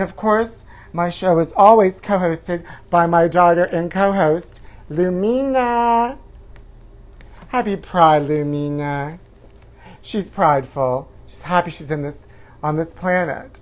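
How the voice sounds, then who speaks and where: A man playing a self-absorbed woman hosting a trashy tabloid talk show, drawling honey at everyone and breaking into whooping shrieks. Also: sits high. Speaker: host. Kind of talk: campy comedic live-stream character.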